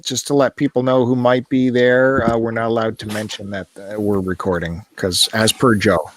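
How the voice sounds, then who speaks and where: A man's voice: lowish voice, flat delivery, moderate pace. A man co-hosting a podcast over a call, chatting casually in a joking, sarcastic way. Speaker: podcast co-host.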